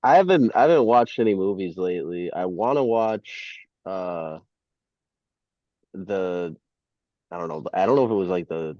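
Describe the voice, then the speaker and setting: A man co-hosting a casual podcast, talking in a relaxed, easygoing way and laughing often. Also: sits low, normal speed, no echo, dull audio. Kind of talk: casual chat.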